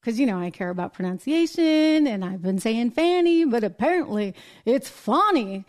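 An American woman hosts a live political commentary show, her voice sitting a little high. She talks in an animated, opinionated way and slips into mock voices when she quotes people. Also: moderate pace. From United States. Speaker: host.

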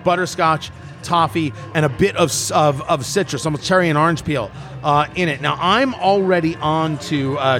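Male host, rambling and self-amused, a little high-pitched, faint music bed. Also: a bit bright. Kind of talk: casual panel chat.

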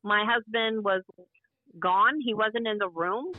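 A woman's voice: mid-range voice, slow pace, no echo. A woman in her fifties, an interview guest, telling a personal story in vivid, emotional detail and acting out what people said. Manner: vivid, emotional retelling that acts out past dialogue. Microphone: phone call. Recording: dry, tinny phone line.

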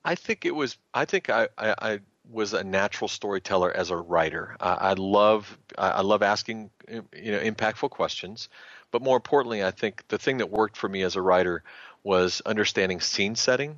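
A man, a sports writer and guest, telling anecdotes in a casual, animated way and slipping into the voices of the people he quotes. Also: on the low side, moderate pace, no room sound, highs cut off. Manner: animated storyteller who acts out quotes.

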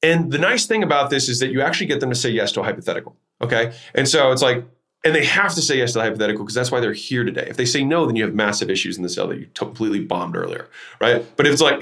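A man hosting his own podcast, teaching sales techniques in an emphatic, energetic way, shifting his tone and pace to make points. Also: mid-range voice, very fast. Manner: energetic, emphatic, varies tone to demonstrate. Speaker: podcast host.

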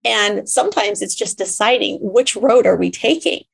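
A woman hosts a podcast interview with a gravelly, creaky edge to her middle-pitched voice. She talks animatedly and slips into little quoted voices to make her points. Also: lively intonation, moderate pace. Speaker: podcast host. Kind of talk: conversational interview.

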